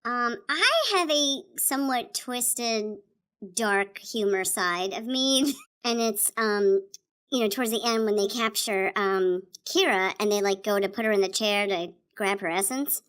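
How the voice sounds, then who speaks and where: A woman co-hosting a casual movie review chat, giggly and animated. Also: medium pitch, measured pace, clear, resonant tone. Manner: giggly, animated, does silly voices. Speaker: podcast co-host.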